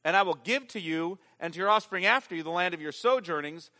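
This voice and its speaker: A man preaching a sermon as pastor, emphatic, swinging from loud stressed lines to hushed ones. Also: high-pitched, animated, quick pace, long reverb tail.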